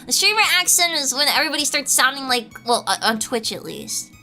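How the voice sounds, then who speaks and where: Loud, high-voiced young woman streamer. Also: very animated, fairly quick, faint music behind. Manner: loud, almost yelling every word; giggly, chatty, addresses chat directly. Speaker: VTuber streamer. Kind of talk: casual stream chat. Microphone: headset.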